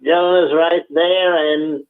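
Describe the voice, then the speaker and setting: A man from Texas, calling in and speaking in a halting, stammering, earnest way. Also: fairly high pitch, fairly even intonation. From Texas, USA. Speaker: caller. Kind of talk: phone-in call. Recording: tinny phone line.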